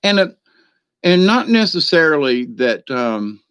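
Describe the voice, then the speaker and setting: A man's voice: a little high, big pitch swings, measured pace, a bit bright, clean tone, no room sound. Chatty man rambling through a story. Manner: chatty, laughs often, many fillers and restarts. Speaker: spiritual card reader. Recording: dry, dull lo-fi sound.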